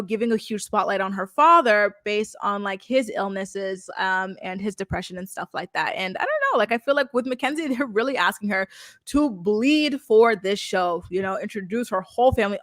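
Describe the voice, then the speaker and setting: Talking to her livestream audience through a close mic, a young woman recaps a reality show in a giggly, dramatic, casual way. Her voice is medium-pitched and fairly bright, with no room sound.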